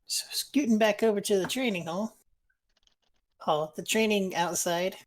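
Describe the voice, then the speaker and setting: A woman narrating as game master in a relaxed, casual way. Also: medium pitch, a little slow.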